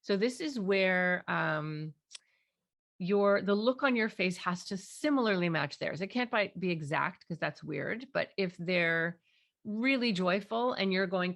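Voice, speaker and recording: Gravelly-voiced woman explaining parenting technique. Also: mid-range voice, a little slow. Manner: animated, acts out parent and child voices. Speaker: parenting clinician and author. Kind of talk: explanatory interview talk.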